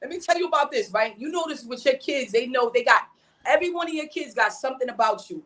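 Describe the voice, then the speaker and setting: High-voiced, animated slangy woman. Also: quick pace. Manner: slangy, repeats "you know what I mean"; animated, emphatic storytelling. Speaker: mother and podcast guest. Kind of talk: casual podcast chat.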